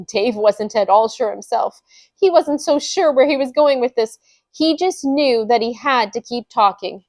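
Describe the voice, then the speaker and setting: A woman reading a funny story aloud as a storyteller, with an expressive, unhurried delivery. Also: fairly high pitch, dry recording.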